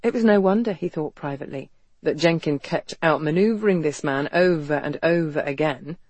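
Measured audiobook narrator, dry sound. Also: medium pitch, a little mellow, no echo.

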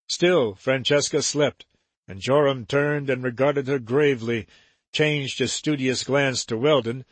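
A man narrating an adventure novel in a measured, steady way. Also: medium pitch, slightly rough, no echo. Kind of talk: audiobook narration.

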